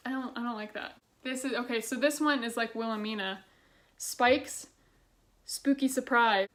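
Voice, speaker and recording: A woman's voice: fairly high pitch, fairly bright tone. A young woman casually reading children's books aloud and adding chatty, sarcastic commentary. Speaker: book vlogger.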